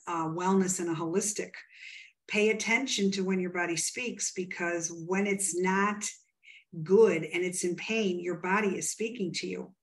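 A woman's voice: lowish voice, a bit bright. Earnest rambling woman storyteller. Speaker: psychic medium. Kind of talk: interview guest telling stories.

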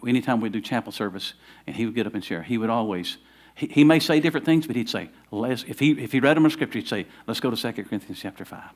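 A man's voice: medium pitch, lively intonation, fast, few pauses. A middle-aged man, preaching a sermon in a conversational way that builds to fervent emphasis. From Southern United States. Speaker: pastor.

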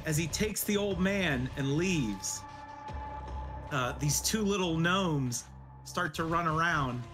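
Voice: medium pitch, expressive, takes it slowly. A game master narrating a tabletop game casually, with filler words. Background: music.

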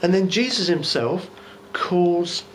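A man's voice: high voice, animated, slow, slight background noise. A man, a bishop, preaching an informal Bible teaching sermon in a church, musing aloud with conversational rhetorical asides.

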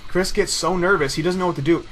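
A man's voice: high-pitched, fast talker, a bit bright. A young man with a slightly raised voice rambles through a story while he plays a game. His telling is loose and casual, full of swearing, with laughs at his own tale. A faint hiss sits under the voice. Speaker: gaming video host. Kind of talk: casual storytelling over gameplay commentary.

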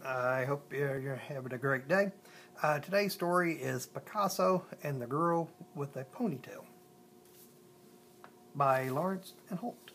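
A storyteller reading a children's picture book aloud. They often stumble and restart, and they slow down on lists. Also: mid-range voice, fairly bright tone, a little hiss or hum.

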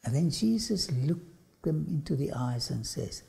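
A man's voice: fairly high pitch, animated, vocal fry, dark tone. A man preaching a dramatic sermon-style lecture, often dropping suddenly to a whisper. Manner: slow dramatic delivery with sudden drops to a whisper.

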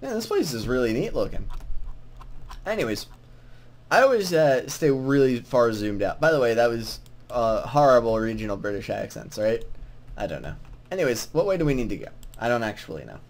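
A man's voice: medium pitch, big pitch swings, fairly quick. A young man casually commenting while playing a quest, rambling and self-mocking, often confused. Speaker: gamer playing through a quest. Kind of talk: casual let's-play commentary.

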